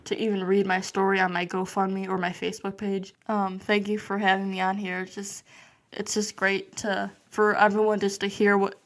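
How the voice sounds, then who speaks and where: A woman's voice: mid-range voice, flat delivery, moderate pace. A young woman being interviewed on a podcast, talking nervously and hesitantly with many fillers. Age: young adult. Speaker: guest.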